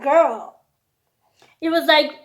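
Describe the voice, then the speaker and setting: A woman vlogger casually telling a story, animated and acting out the dialogue herself. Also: sits high, very slow. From lives in Austria. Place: indoors near a street parade.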